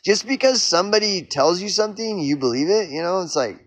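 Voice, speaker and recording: A man's voice: high-pitched, animated, brisk, hardly any pauses, dry recording. A man from Oklahoma on a profane, rambling solo rant, acting out mock back-and-forth arguments. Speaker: vlogger.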